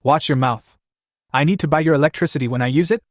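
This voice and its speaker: A man's voice: a little high, quick pace, no echo, studio quality, lightly acted. A man doing a spiteful bossy nanny woman. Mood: indignant.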